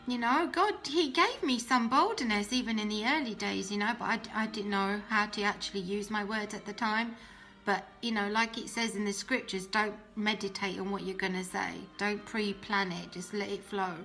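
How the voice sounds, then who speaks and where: A young woman giving an emotional personal testimony, earnest and often dropping to a soft voice. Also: medium pitch, steady tone, normal speed, soft background music. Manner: earnest, emotional, drops soft and quiet when quoting herself. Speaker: guest telling her testimony.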